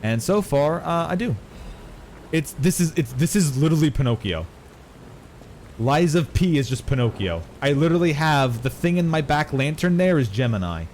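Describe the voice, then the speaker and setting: A man's voice: mid-range voice, a little mellow, slight background noise. A man streaming a video game, chatting casually with his viewers and swearing now and then. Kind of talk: casual gameplay commentary.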